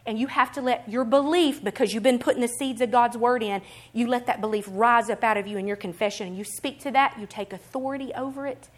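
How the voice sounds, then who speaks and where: Animated woman preaching a sermon. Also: a little high, fairly quick, few pauses. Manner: animated, emphatic preaching that swings between quiet and loud; acts out other people's voices in quotes.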